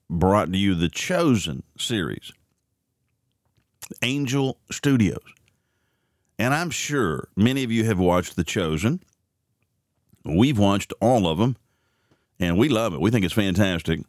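A man hosting a morning radio and podcast show offers casual commentary that is rambling and opinionated, his pitch swinging animatedly. The sound is studio quality with no echo.

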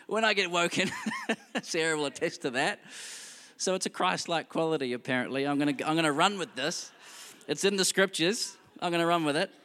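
A man preaching a sermon in a relaxed, conversational way, mixing humorous asides with earnest points. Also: a little high, in a large hall. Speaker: pastor.

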